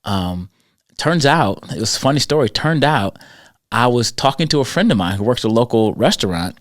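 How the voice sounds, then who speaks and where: A man hosting a podcast, telling stories about school kids in an animated, conversational way that slips into quoted voices. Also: medium pitch, normal speed, no room sound, clean studio sound. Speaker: podcast host and school character-education speaker. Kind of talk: conversational storytelling.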